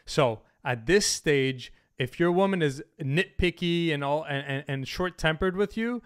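A man's voice: a little high, animated, unhurried, clean tone. A man with a somewhat raised voice delivers a direct-to-camera advice monologue. He talks bluntly and with emphasis, and he swears freely as he hammers home each point. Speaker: dating coach.

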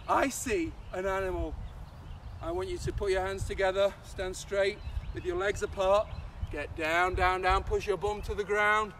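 Very high-voiced playful man coaching kids. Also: slight background noise. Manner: playful, animated, with sound effects. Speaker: kids' soccer coach. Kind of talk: guiding young children through a movement game.

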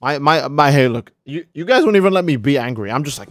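This young man talks fast on his game live stream, casually chatting and calling out donations with plenty of swearing. His voice shoots up when he's excited, and there's no echo.

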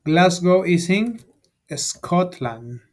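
A man leads a beginner English class in a call-and-repeat drill. His voice sits a little high, and he speaks slowly, stressing each word so students can echo it back. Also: animated. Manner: enunciates each word for learners to repeat, rising on prompts. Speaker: English teacher.

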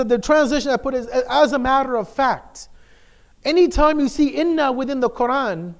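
High-voiced man preaching conversationally. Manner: explains with frequent "right?" tags and emphatic repetition. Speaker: shaykh giving a talk. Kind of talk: conversational sermon.

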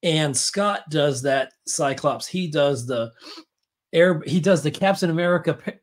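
A man's voice: a little high, a little slow. A man hosting a podcast, talking in a rambling, enthusiastic way with many fillers and restarts. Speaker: podcast host. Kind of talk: casual chat.

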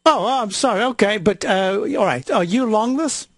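A man's voice: high voice, moderate pace, dry recording, clean studio sound. A man hosting a radio show on stock trading, explaining charts in a rambling, casual way. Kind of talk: casual market commentary.

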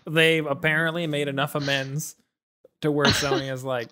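A man's voice: fairly high pitch, flat delivery, moderate pace, sharp tone. A man co-hosting a casual gaming podcast, recapping news in a wry, joking way. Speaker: podcast co-host. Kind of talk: casual chat.

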